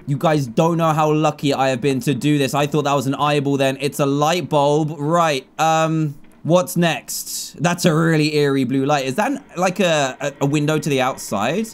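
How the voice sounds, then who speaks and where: A young man narrates a game he is playing, his voice lively and all over the place. He mutters low while he thinks, then jumps up into excited shouts when something works. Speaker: gaming YouTuber. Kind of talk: gameplay commentary.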